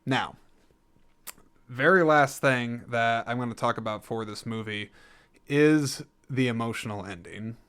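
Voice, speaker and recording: Rambling jokey man, smooth voice. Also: mid-range voice, a little slow, fairly bright tone. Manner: rambling, jokey, self-correcting. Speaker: podcast host reviewing films. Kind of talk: casual solo film review podcast.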